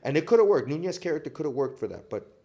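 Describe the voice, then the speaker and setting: A man from Chicago, an actor guest on a casual podcast, telling animated stories and acting out quotes with frequent laughter. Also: a little high, rapid-fire. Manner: animated storytelling, acts out quotes, laughs often.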